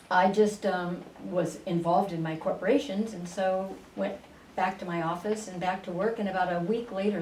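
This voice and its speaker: The guest, a woman who channels spirits, recounts stories in a radio interview without hurrying, full of fillers and restarts. She has a lowish, darkish-toned voice, and the studio audio sounds roomy and distant, with a faint hiss.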